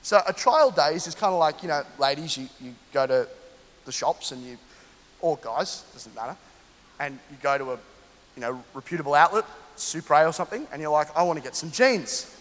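A man in his thirties from London, a pastor telling an animated, humorous story during a sermon and speaking straight to the congregation. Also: a little high, moderate pace. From London, England. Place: church hall. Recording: long hall reverb.

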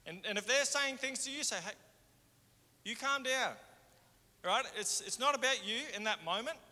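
A man preaching a sermon in a conversational way, moving between fervent and hushed. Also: very high-pitched, a little fast. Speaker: pastor. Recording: hall reverb.

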